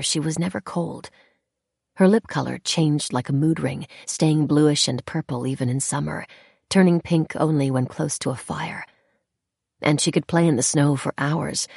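A woman reading a novel aloud as audiobook narrator, with measured, deliberate storytelling. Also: low-pitched, creaky, a little mellow, husky, no room sound, studio quality. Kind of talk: scripted narration.

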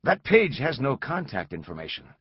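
Man reading as a rattled, worn-out professor, husky voice, sharp and disbelieving, in a dry, slightly dull recording. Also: on the low side, expressive, normal speed, no room sound, pitched above the performer's own voice. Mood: tense. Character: shaken, exhausted male professor, pushing back.

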